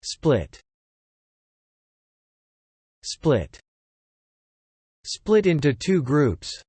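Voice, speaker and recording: A narrator slowly reading an English word list for learners, saying each word twice and then a short example phrase in a deliberate way. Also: medium pitch, big pitch swings, dark tone, husky, dry recording. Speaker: vocabulary narrator.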